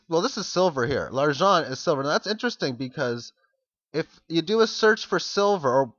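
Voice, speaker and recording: A man giving a casual, halting walkthrough on a video blog, rambling and stumbling over foreign words. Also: mid-range voice, fairly bright tone, no echo. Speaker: video blogger. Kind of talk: casual screen walkthrough commentary. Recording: dry, dull lo-fi recording.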